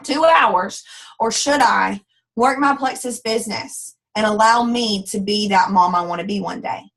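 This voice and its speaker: A network marketing team leader with a mid-range voice delivers a folksy, sassy training talk at a measured pace, performing the voices of people she quotes with lively energy. The recording is rough.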